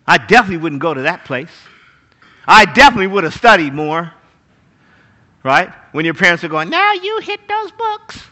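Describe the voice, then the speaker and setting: A man preaching a sermon as pastor, animated and jokey, acting out little voices of pets and people. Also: sits high, lo-fi sound.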